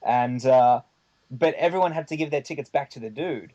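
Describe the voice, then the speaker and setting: A man of middle pitch talks his way through a long story as a podcast guest. His delivery is loose and conversational, full of fillers and the odd curse as he builds the tale. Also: moderate pace, mellow, lo-fi sound. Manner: rambling anecdote with many fillers and casual swearing. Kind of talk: casual storytelling chat.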